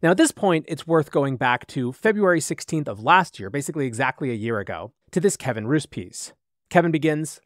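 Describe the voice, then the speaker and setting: A male podcast host delivers AI news commentary in brisk, animated storytelling. He talks fast with a lively, rising and falling pitch. The sound is close and dry, with no room echo.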